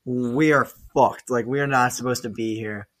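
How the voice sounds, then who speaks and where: A man's voice: mid-range voice, moderate pace. A young man, a podcast co-host, telling stories in casual chat, swearing often and laughing along. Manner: swears often, animated storyteller, laughs mid-story.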